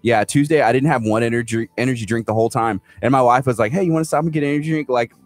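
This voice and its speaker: A man's voice: mid-range voice, very fast. A man from Houston, co-hosting a morning show and telling stories animatedly, acting out the people he quotes. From Houston, Texas. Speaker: radio co-host. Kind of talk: casual morning show banter.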